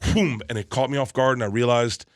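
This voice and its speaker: A man, a comedian guest, telling stories in a casual interview in a rambling, animated way with many restarts. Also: mid-range voice, a little fast, dry recording, clean studio sound.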